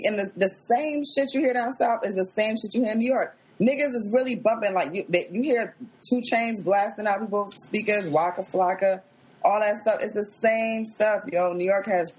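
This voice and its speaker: A woman's voice: mid-range voice, normal speed, breathy edge, poor audio. A woman co-hosting a casual hip-hop podcast, chatty and full of filler words. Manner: chatty, lots of filler likes and restarts. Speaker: podcast co-host.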